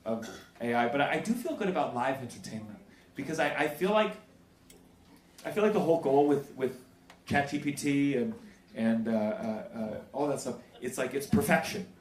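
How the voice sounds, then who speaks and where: A man doing stand-up crowd work, stammering through restarts before loud punchlines. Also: mid-range voice, animated, normal speed. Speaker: stand-up comedian. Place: live comedy club with audience. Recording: roomy live club, crowd noise. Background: audience laughter.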